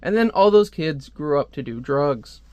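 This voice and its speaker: A man's voice: a little high, expressive, normal speed, darkish tone, muffled recording. A young man reviewing a comic book in a casual, rambling way, with lots of fillers and asides.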